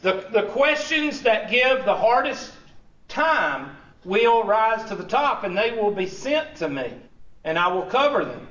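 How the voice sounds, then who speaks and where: Recorded from afar in a big lecture hall, this dull, echoey clip captures a man teaching college students with a high-pitched, sing-song voice that is a little slow and a bit bright. His lecture is teasing and sarcastic, packed with rhetorical questions.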